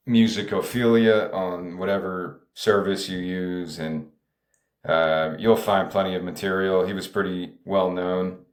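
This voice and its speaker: In an echoey room, a man with a low voice delivers a casual monologue about his songwriting. He rambles, cuts himself off mid-thought, and leans heavily on fillers.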